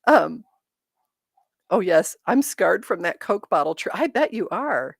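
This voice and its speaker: Woman in her fifties, livestream host, chatty storyteller who laughs a lot, lower voice, dry close sound. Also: sing-song, measured pace, gravelly, dry recording. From Michigan. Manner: laughs often while telling stories. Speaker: livestream host reading chat. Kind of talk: casual chat.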